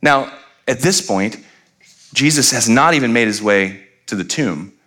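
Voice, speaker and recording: Male pastor, bright voice; lively sermon storyteller who dramatizes scenes. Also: mid-range voice, unhurried. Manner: animated, acts out quoted voices.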